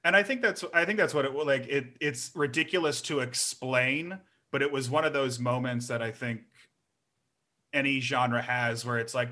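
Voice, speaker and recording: A man's voice: medium pitch, normal speed, sharp tone. A young man talking casually, rambling with many fillers and restarts. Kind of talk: casual chat.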